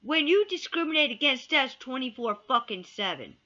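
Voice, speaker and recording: A woman rants to camera with a high, lively voice. Her tone is bright and sharp, and she hammers points home by repeating them. The audio is dull and lo-fi. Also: normal speed. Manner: emphatic, repeats key words, swears then apologizes. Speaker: vlogger. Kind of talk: heated opinion rant to camera.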